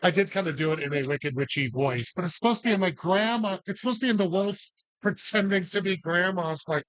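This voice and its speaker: A man's voice: sits high, fairly bright tone. Joking male bingo caller. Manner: calls numbers slowly, jokey asides. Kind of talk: live bingo calling with banter. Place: bar.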